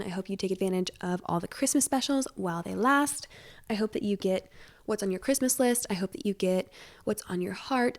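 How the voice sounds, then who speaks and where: Fast-talking young woman podcast host. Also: mid-range voice, a little mellow. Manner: fast-talking, rambling and self-deprecating. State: stuffy nose. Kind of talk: casual solo podcast chat. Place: at home.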